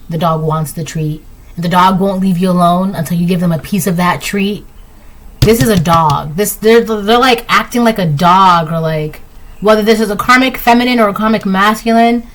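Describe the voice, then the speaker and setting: A woman's voice: slight background noise, rough recording. Chatty woman giving a tarot reading. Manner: chatty, rambling, full of "like" and "right?"; acts out quoted lines in a higher voice. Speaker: tarot reader. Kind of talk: casual tarot reading monologue.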